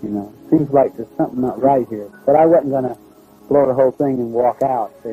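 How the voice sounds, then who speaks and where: A man telling a personal story in a plain, halting, conversational way. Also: medium pitch, narrow, tinny audio, soft background music. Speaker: storyteller recounting a personal experience. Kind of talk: first-person spoken recollection.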